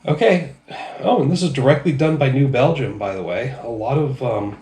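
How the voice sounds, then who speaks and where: In a roomy-sounding recording, a man reviews drinks on his channel while a bit tipsy, rambling loosely with profanity and many ums. His medium-pitched voice is a little mellow and moves at a moderate pace.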